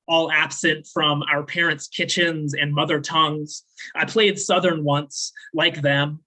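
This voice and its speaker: A man with a fairly high, bright, forceful voice delivers spoken word poetry at a slam. He recites in a measured, deliberate way, then drifts into loose, filler-heavy chat between poems. He grew up in the American South. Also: rough recording. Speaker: slam poet.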